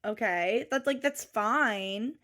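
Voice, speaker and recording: A woman's voice: fairly high pitch, slow pace. A woman co-hosting a podcast in casual recap chat, swearing freely and laughing often. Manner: profane, animated, laughing often. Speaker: podcast co-host.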